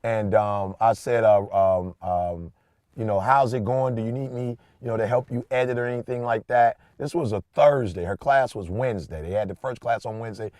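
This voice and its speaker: A man in his forties, a podcast host, telling a story in a casual chat, animated and swinging between hushed asides and loud bursts. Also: on the low side, moderate pace, dry recording, studio quality.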